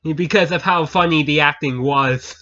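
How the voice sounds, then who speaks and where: A man's voice: a little high, normal speed, pushed and bright. A man telling viewers a funny story in a casual chat, often breaking into laughter and repeating himself. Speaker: channel host. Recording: dull lo-fi recording.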